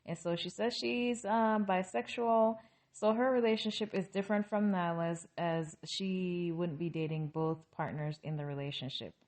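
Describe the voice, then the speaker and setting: A woman with a slightly low voice talks through a reality show episode in a relaxed, chatty recap. She throws in opinionated, exasperated asides about what the cast does. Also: moderate pace. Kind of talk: casual recap commentary.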